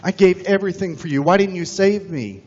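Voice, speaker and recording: A man's voice: high voice, a little fast, a little mellow, voice pushed up. A preacher acting out a pleading devout man. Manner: pleading, earnest, raised voice. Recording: dull recording with long church reverb.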